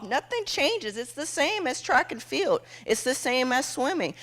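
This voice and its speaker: A woman giving a motivational keynote speech on stage, telling a dramatic story in short punchy phrases and dropping to a hush at tense moments. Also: high voice, big pitch swings, measured pace, few pauses. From United States. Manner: acts out quoted voices, drops to a hush for tense moments. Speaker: motivational speaker. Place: event stage before an audience.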